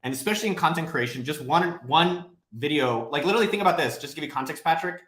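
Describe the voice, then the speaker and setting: A man rambles through a casual live Q&A, swearing freely and riffing off viewers' questions. His voice sits a little high. The room around him gives a noticeable echo. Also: quick pace. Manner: profane, blunt, rambling and animated. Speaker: host of a live Q&A stream. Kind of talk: casual livestream Q&A. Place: home office, livestreaming. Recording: roomy echo.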